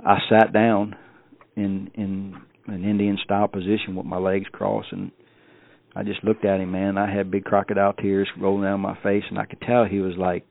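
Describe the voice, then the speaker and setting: A man's voice: low-pitched, vocal fry. A man guest on a podcast telling a personal story in a folksy way, often repeating and restarting his words. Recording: dry, phone-like tinny sound.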